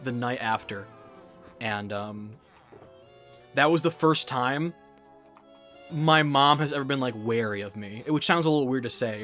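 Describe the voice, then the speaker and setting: A man's voice: mid-range voice, fairly bright tone. A young man chatting casually while gaming, rambling and swearing, with many restarts. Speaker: gaming vlogger.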